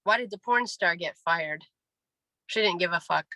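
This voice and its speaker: A woman in her forties giving a wry, deadpan poetry reading. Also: fairly low pitch, normal speed, dry recording, low-quality recording. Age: 40s. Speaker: poet. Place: reading venue.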